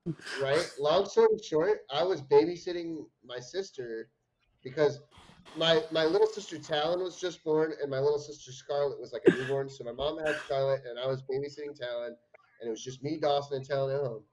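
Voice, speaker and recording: A man's voice: fairly high pitch, fairly quick, a little mellow, slight background noise, poor audio. A young man on a livestream, telling a rambling, profane story in casual chat. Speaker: stream co-host.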